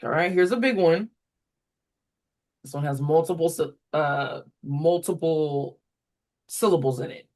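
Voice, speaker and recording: A reading instructor talks tutors through a phonics exercise at an unhurried pace, pausing over each syllable. The delivery is deliberate and instructional, with the voice pitched in an ordinary middle range. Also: a little mellow. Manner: deliberate, sounds words out syllable by syllable.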